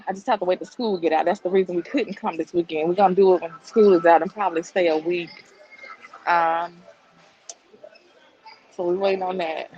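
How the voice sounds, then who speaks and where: A woman's voice: fairly low pitch, fairly even intonation, a little fast, pauses often, mellow, lo-fi sound. A middle-aged woman chatting casually on a livestream, a bit out of breath as she walks and reads viewer comments. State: out of breath while walking. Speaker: livestream host. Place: walking through a crowded shop.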